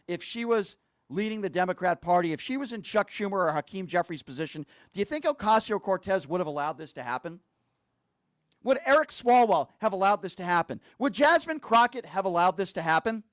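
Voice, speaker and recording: A man's voice: high voice, dry recording, studio quality. A man giving an angry political commentary, hammering his points with repeated rhetorical questions. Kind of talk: angry political rant to camera. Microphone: streaming mic.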